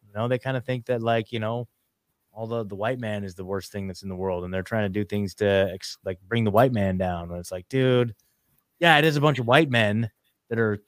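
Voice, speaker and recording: A man's voice: medium pitch, no room sound, clean studio sound. A man hosting a podcast in casual chat, rambling with many fillers and breaking into rants. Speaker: podcast host.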